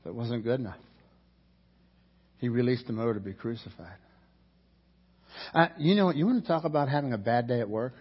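A man's voice: mid-range voice, expressive, fairly quick, pauses often, breathy edge, lo-fi sound. A man preaching a sermon as pastor, telling the story vividly and acting out the characters' lines.

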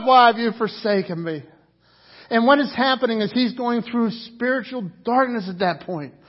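A man's voice: high voice, slightly rough, highs cut off. A man preaching a sermon, passionate and emphatic, often repeating words as his intensity rises and falls. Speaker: pastor.

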